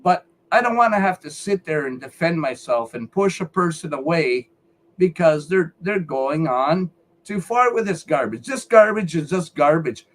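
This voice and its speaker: A man with a somewhat high voice rants on a live stream. He talks heatedly and swears often. He keeps circling back over his own words. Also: lively intonation, moderate pace, rough recording. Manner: heated, profane, repeats himself. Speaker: featured speaker on a live call-in show. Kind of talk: angry rant on a live stream.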